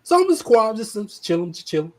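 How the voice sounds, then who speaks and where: Slightly high-voiced man ranting casually. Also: big pitch swings, fast talker, a loud crowd. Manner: irritated ranting with profanity. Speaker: podcast co-host. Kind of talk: casual chat.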